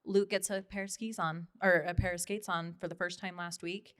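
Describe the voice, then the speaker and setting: A woman in her thirties, a podcast guest, talking in casual conversation in an emphatic, animated way. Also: fairly low pitch, normal speed, clean tone. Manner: emphatic and animated, frequent "oh yeah" affirmations.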